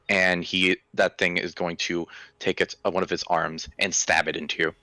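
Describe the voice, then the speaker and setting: A man narrating a horror tabletop game as game master, with slow, deliberate, vivid description. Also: deep voice, little pitch movement, pushed and bright, dry recording.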